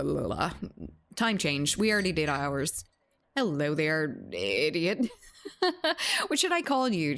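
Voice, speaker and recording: Woman streamer, low-ish voice, chatty and playful, greets viewers by name. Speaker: game streamer. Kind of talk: casual chat with live chat readers.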